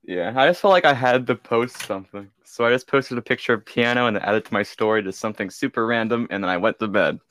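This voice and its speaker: A man's voice: medium pitch, quick pace, hardly any pauses, fairly bright tone, no room sound. A young man co-hosting a podcast, chatting casually in a goofy, joking way and laughing often. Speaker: podcast co-host. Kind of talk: casual chat.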